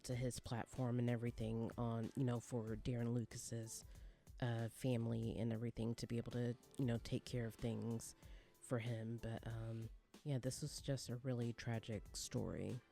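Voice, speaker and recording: A woman with a dark, mellow tone chats easily as a podcast co-host. She talks in a relaxed way, with frequent fillers and short reactions. Soft music sits in the background. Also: extremely low pitch, measured pace. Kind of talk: casual news chat.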